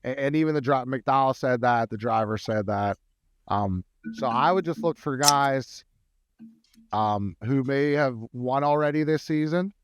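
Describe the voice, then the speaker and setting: A man co-hosting a sports betting podcast, working through numbers in an analytical, halting way. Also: medium pitch, clear, resonant tone. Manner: analytical, many fillers and restarts. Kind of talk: casual sports betting chat.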